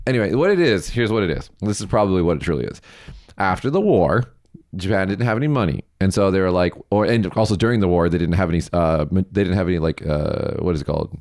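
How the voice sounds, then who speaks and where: Guy cohosting a podcast, pretty low voice, sarcastic and blunt, swears a lot, dry close sound. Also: lively intonation, quick pace, a little mellow, dry recording. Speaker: podcast co-host. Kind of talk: casual news chat.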